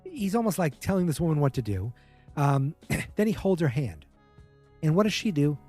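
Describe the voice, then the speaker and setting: A man's voice: fairly high pitch, big pitch swings, moderate pace, warm tone, faint music behind. A man hosting a podcast, casually recapping a TV episode in a chatty, wry way and mimicking the characters' lines. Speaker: podcast host.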